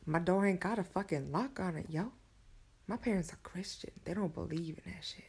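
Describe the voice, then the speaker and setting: A woman's voice: on the low side, brisk, gravelly, background noise. A woman in her twenties telling a rambling, profanity-laced story into her phone at night in her bedroom. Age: 20s. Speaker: vlogger. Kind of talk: late-night phone rant.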